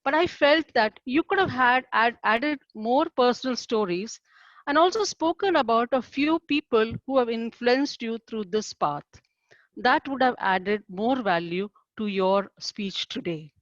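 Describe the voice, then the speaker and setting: Woman evaluator, measured and formal, fairly high voice, dull dry call audio. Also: dry recording. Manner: measured, formal and encouraging feedback. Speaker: speech evaluator. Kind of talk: formal speech evaluation at a club meeting.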